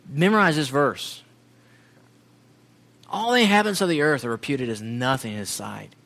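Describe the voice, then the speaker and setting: A man from Southern Alabama with a Southern accent, telling a personal testimony in a sermon-style talk, storytelling and animated, then quieting into reflection. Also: a little high. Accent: Southern American (Alabama). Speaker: speaker giving a testimony.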